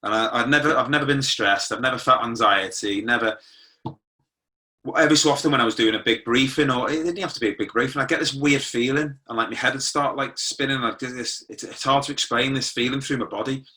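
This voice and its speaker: A man's voice: medium pitch, a little fast, bright, forceful tone. A middle-aged man, a former police sergeant, recounting a personal experience in conversational style, with restarts and quoted dialogue. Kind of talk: personal storytelling.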